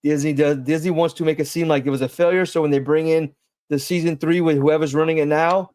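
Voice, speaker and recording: A man with a fairly high voice talks in loose podcast banter. He rambles and presses his points hard, swearing freely as he goes. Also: steady tone, quick pace, darkish tone. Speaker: podcast co-host.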